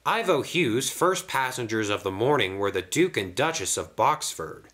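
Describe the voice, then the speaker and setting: A man narrating a children's toy train story in an expressive storybook style. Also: mid-range voice, moderate pace. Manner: lively, expressive.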